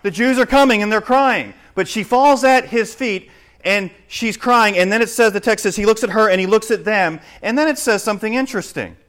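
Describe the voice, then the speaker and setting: Guy preaching, voice a bit high, gets loud then goes quiet, keeps asking the room questions. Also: a little fast. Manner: animated preaching, swings from loud to hushed, asks the crowd questions. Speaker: pastor. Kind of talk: sermon.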